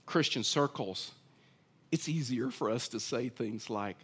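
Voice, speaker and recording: A man's voice: medium pitch, unhurried, a bit bright, husky. A middle-aged man with a Texan accent preaching a sermon, telling folksy stories and acting out dialogue. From Texas. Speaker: pastor.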